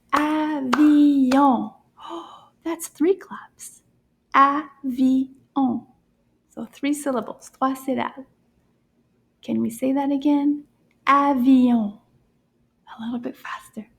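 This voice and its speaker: A woman teaching a children's French lesson in soft, encouraging tones, often dropping into a half-whisper and pronouncing each word slowly and clearly. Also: high voice.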